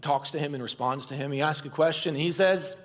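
Husky high-voiced male preacher in a hall. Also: quick pace. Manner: casual, animated storytelling with asides to the congregation. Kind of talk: conversational sermon.

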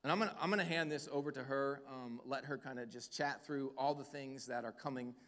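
A pastor making energetic church announcements to the congregation, enthusiastic and full of fillers. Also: male voice, mid-range voice, brisk. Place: church sanctuary. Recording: church hall reverb.

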